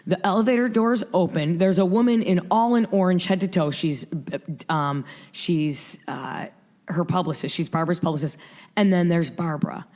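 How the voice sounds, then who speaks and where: A woman in her fifties from Michigan, a radio host telling an anecdote in a rapid, breathless way, acting out quotes as she goes. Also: fairly low pitch, a little mellow. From Michigan, USA. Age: 50s.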